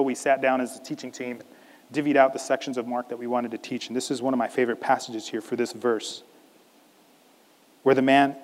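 A man preaching a sermon as a pastor, animated, acting out a scripture scene in different voices. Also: medium pitch, big-room sound.

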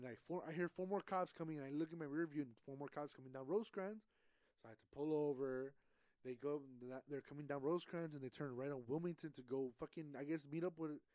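Young man, podcast co-host, profane storytelling, fairly high voice, dry close sound. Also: fast talker, a little mellow, no room sound. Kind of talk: casual chat.

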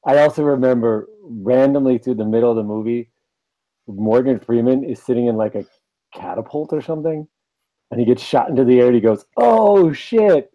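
A man co-hosting a podcast, telling a quick amused movie memory. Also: mid-range voice, dark tone, lo-fi sound. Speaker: podcast co-host. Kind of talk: casual movie chat.

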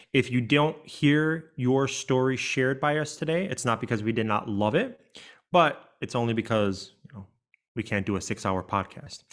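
Man telling stories casually on a podcast. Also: medium pitch. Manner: relaxed storytelling with frequent fillers. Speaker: podcast co-host. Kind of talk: casual chat.

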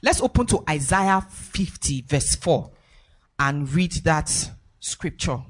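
A woman's voice: low-pitched, animated, takes it slowly. A woman preaching a sermon, emphatic and repetitive, with sing-song rises in her voice.

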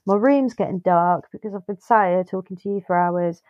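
A woman's voice: medium pitch, brisk, no room sound, muffled recording. A British woman co-hosting a casual podcast chat, playful, giggly and jokey. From United Kingdom. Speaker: podcast co-host.

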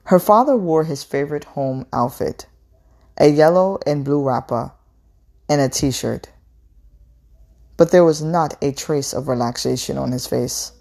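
Slow, low-voiced woman reading a novel aloud. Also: gravelly, warm tone. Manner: measured, unhurried reading with small slips.

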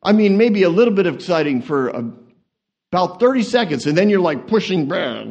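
A man preaching a sermon as an animated, joking storyteller, swinging from quiet asides to excited peaks. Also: sits high, fairly quick, muffled recording.

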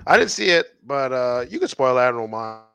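Laid-back joking man, wildly swooping pitch. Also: big pitch swings, brisk, a bit bright. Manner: laid-back, jokey, slips into silly voices. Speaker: podcast co-host. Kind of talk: casual crude comedy chat.

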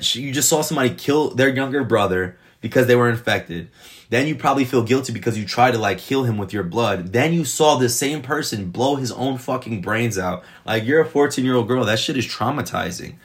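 A man casually reviewing a TV episode, retelling scenes in an excited, rambling way full of swearing. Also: lowish voice. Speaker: TV show reviewer.

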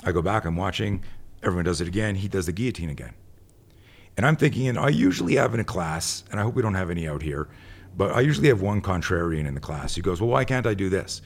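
A man's voice: low-pitched, animated, quick pace, vocal fry. A man who works as a tactical instructor, telling a rambling story in casual conversation and acting out the people in it. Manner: rambling, goes off on tangents; acts out the people in his stories.

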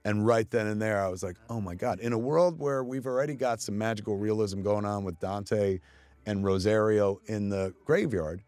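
A man talking through his own film in casual commentary, excitable and swearing often, restarting his sentences as he goes. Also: on the low side, normal speed, no room sound. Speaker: filmmaker giving audio commentary.

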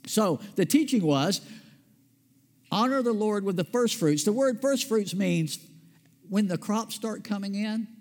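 A man's voice: high voice, animated, unhurried, a little mellow. A man pastor preaching a sermon in a conversational way, asking his listeners questions and answering them himself. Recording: long reverb of a large hall.

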